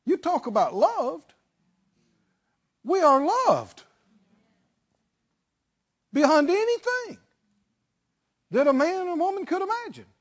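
Preacher guy, high voice, really lively pitch, dull lo-fi church sound. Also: slow, pauses often. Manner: preaching with call-and-response, swinging from shouts to hushed tones. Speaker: pastor. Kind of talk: sermon.

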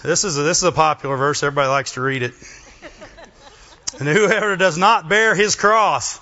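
A man preaching an animated sermon in a bright, forceful voice, keeps checking in with the crowd with quick questions. Slightly high for a man. The recording is dull and lo-fi. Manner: animated, asks the congregation questions.

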